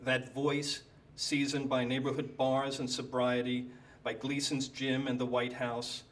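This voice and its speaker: A man reading a prepared humorous tribute aloud at an evening event, with dry, deadpan comic timing. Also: medium pitch, far from the mic, slight background noise. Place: lecture hall.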